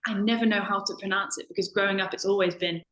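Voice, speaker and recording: A woman's voice: medium pitch, steady tone, quick pace, a bit bright, reverberant, poor audio. A young woman from the United Kingdom, a language assistant, chatting casually on a video call with many ums and self-corrections. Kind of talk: casual webinar chat.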